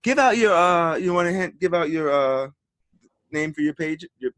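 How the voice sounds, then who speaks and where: Halting male podcast host, dry sound. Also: a little high, fairly even intonation, fairly bright tone, dry recording. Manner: halting, repeats words while searching. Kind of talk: casual podcast interview.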